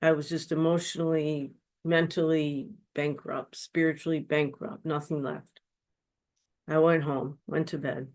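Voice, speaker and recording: A woman's voice: deep voice, little pitch movement, unhurried, a little mellow. A woman giving an earnest personal testimony as a guest speaker at a webinar, telling her story in a confessional way. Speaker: guest speaker, spiritual counselor. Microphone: webinar microphone.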